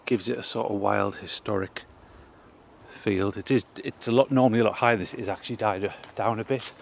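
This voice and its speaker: A man gives a casual walking tour of a cemetery. He reads old headstones aloud with pauses and restarts, and he is out of breath. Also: lowish voice, steady tone, creaky, slight background noise. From North East England. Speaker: local history vlogger. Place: outdoors in a cemetery.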